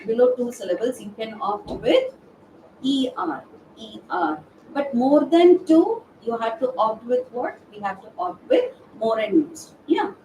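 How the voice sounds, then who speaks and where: A woman's voice: fairly high pitch, sing-song, a little slow, darkish tone, far from the mic. Female grammar trainer, live webinar, question-and-answer delivery, hesitant fillers. Echoey room, faint background noise. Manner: poses questions to the class and answers them herself; hesitant, frequent "uh" fillers and restarts. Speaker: verbal aptitude trainer. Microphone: distant from the microphone.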